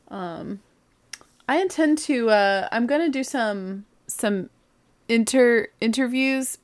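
A woman, hosting a podcast in a rambling, chatty way with lots of "like" and self-corrections. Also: on the high side. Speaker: podcast host. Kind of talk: casual solo chat.

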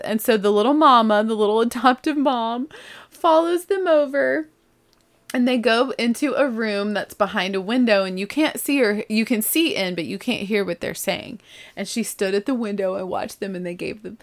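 Chatty mom telling a story. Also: female voice, mid-range voice, moderate pace. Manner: animated, chatty, laughs while telling. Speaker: mother. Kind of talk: casual storytelling.

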